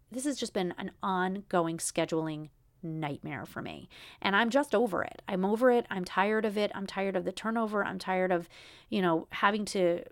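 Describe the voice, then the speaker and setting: Woman, thirties, solo podcast host, frustrated venting, mid-pitched voice, dry close sound. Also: no echo. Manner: frustrated, venting, repetitive restarts.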